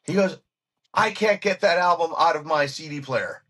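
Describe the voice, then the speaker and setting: A man who is a guest musician telling stories in an interview, excitable and animated, acting out what other people said. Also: a little high, moderate pace. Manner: excitable, acts out quoted voices, frequent restarts.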